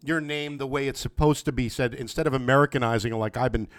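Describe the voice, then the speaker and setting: Smooth-voiced man hosting a podcast chat. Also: medium pitch, fairly even intonation, fast, no room sound. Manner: rambling, friendly, many fillers and restarts. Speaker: podcast host. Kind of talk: casual interview. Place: home, remote video call.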